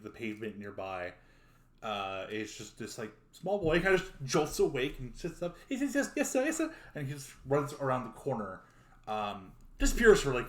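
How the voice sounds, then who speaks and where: A man narrates as game master in a loose, rambling way, full of likes and ums. His voice sits low, and a roomy echo hangs around it. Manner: loose, filler-heavy narration.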